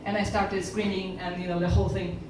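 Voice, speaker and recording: A woman's voice: lowish voice, level tone, a little fast, noisy background. A woman from Poland with a Polish accent, doing a stand-up comedy set and acting out other people's lines as she tells stories. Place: comedy club stage. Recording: echoey room from far off.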